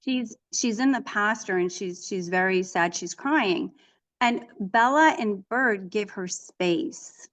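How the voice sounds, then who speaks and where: A middle-aged woman, a guest author, chatting in an interview, telling stories in an animated way with frequent restarts. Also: mid-range voice. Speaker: author and equine therapist, guest. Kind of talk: casual interview conversation.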